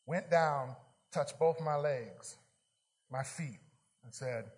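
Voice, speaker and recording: A man preaching and telling a story of his own, swinging from hushed quoted lines to loud shouts. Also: medium pitch, slow pace, long pauses, in a large hall. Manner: animated testimony, whispering quotes then shouting. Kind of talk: storytelling sermon.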